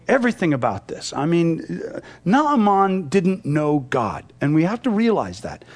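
A man's voice: sits high, gravelly. A man teaching a Bible passage verse by verse, explaining and retelling it in a conversational way.

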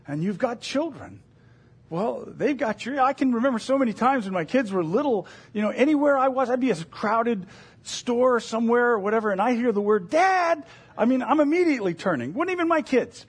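A man's voice: very high voice, slightly rough. A middle-aged man preaching a sermon as a pastor, in an earnest, conversational way with self-deprecating asides.

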